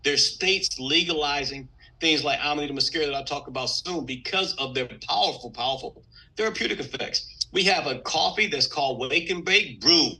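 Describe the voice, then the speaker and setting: A man from Texas, giving an energetic, emphatic sales pitch on a video call. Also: fairly quick, low-quality recording. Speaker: business presenter on a video call.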